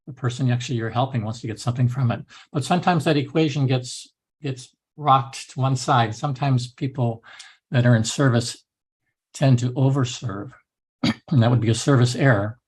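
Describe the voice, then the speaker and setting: Husky man giving a rambling lecture. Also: mid-range voice, moderate pace. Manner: loose, rambling, with many restarts. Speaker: instructor. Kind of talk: recorded lecture.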